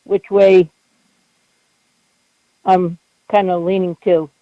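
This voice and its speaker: A woman calling in to a radio show, hesitant and halting as she asks for a reading. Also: lowish voice, flat delivery, mellow, no room sound, lo-fi sound. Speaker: caller.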